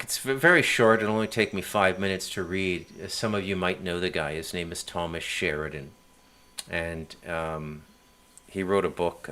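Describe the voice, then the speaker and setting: A man's voice: low-pitched, sharp tone. A man hosting a casual political monologue, chatty and emphatic with many asides. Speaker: podcast host.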